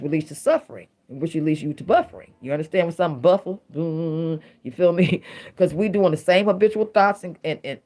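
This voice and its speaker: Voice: mid-range voice, darkish tone. A middle-aged tarot reader giving a casual, emphatic reading to viewers, full of rhyming catchphrases.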